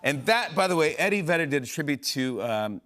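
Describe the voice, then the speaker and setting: Excitable male talk show host. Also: on the high side, a little fast, slight background noise. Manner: excited, laughing, rambling with many fillers. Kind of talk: casual storytelling monologue. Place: TV studio stage.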